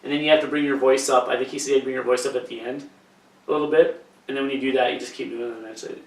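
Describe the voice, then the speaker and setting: A man's voice: mid-range voice, fairly even intonation, very fast. A man co-hosting a podcast who rambles and swears a lot in casual chat. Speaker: podcast co-host. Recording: echoey room, mic from a distance.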